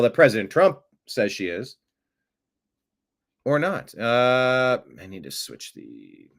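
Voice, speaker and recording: A man hosting a political news show, talking casually with wry, offhand remarks. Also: medium pitch. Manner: wry, offhand, mocking asides. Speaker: political commentary show host.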